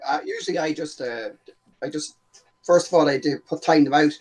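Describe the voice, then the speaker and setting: Husky, quick-talking Irish man. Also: a little high, darkish tone. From Ireland. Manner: chatty, laughing easily, loose phrasing. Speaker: podcast co-host. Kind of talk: casual podcast chat.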